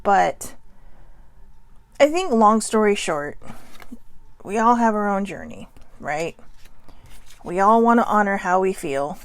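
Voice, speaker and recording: A woman talks straight into a close, dry mic in a loose, rambling pep-talk style. Her throat sounds scratchy and she keeps clearing it. She is full of "you know"s and casual swearing. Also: mid-range voice, no echo. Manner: chatty and rambling, swears freely, many "you know" fillers. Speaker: vlogger hosting a daily live video.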